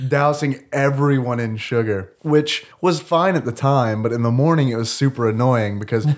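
Hoarse man hosting a casual podcast. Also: mid-range voice, normal speed. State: sore throat, sniffling. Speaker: podcast host. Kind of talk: casual chat.

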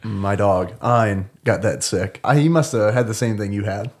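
Podcast host, male, hoarse with a sore throat, relaxed storyteller who laughs along; casual banter. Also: fairly low pitch, moderate pace. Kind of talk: casual chat.

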